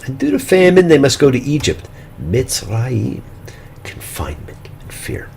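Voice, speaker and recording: Male rabbi, gravelly and animated, sermon delivery with dramatic whispered drops. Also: medium pitch, slight background noise. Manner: slow, dramatic delivery with hushed whispered phrases. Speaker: rabbi and show host. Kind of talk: sermon-style Torah teaching.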